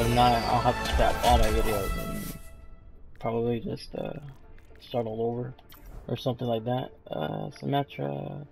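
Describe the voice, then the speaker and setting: A tired young man giving casual, low-key gameplay commentary into a headset mic, trailing off with fillers. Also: gravelly. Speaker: gaming YouTuber. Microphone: gaming headset mic.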